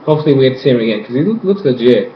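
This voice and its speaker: A young man giving an excited, rambling fan recap of an episode, acting out scenes with yelps and sound effects. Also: mid-range voice, racing. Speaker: fan reviewer. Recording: lo-fi echoey room, faint ambience.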